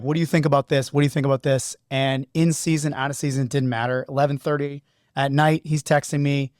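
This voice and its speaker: A man hosting a podcast who coaches high school lacrosse, telling stories in an animated, earnest way. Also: no room sound, clean studio sound. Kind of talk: casual podcast storytelling.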